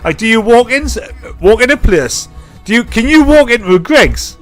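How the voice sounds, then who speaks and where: A man's voice: very high voice, sing-song, moderate pace, faint music behind. A man, hosting a livestream and reacting to clips in sweary, mocking chat. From North East England. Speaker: livestream host.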